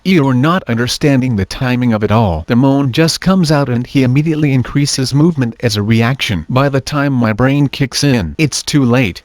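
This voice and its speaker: A man narrating online forum posts aloud in a steady, even reading delivery. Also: medium pitch, dry recording.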